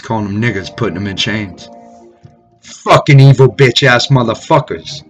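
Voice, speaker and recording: A man preaching from scripture in a fiery, profane way, swinging between shouted tirades and low mocking murmurs. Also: normal speed, faint music behind, low-quality recording. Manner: swears heavily. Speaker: street preacher.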